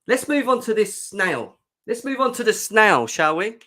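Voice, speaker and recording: A man's voice: sits high, big pitch swings, moderate pace, pushed and bright. A young man hosting a fan livestream, chatting sarcastically and reacting to comments from the chat. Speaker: fan show host.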